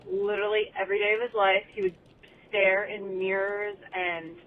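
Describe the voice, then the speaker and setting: A woman's voice: mid-range voice, flat delivery, moderate pace. A woman from New Jersey leaving a casual voicemail from her phone while driving. She talks in a chatty, rambling way full of fillers. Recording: tinny voicemail line with faint road noise.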